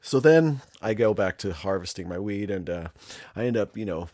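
A man's voice: lowish voice, lively intonation, moderate pace, a little mellow, no room sound, studio quality. A man, a podcast host, telling a rambling, profane story in a casual way. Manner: profane, rambling, full of asides.

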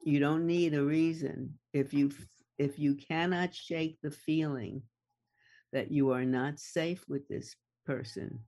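Slow deliberate guest explaining stuff, repeats the big words. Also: mid-range voice, a little mellow. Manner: measured, repeats key words for emphasis. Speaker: guest expert on attachment.

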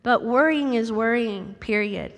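Middle-aged American woman preacher, high voice, animated sermon delivery, church hall reverb. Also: measured pace. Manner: animated, acts out voices with sudden high squeaks.

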